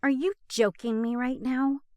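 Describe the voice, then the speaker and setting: A woman's voice: high voice, big pitch swings, unhurried, no room sound, voice pushed up. A woman voicing a teasing young adult who has just transformed into a man, playful and then pleading. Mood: exasperated.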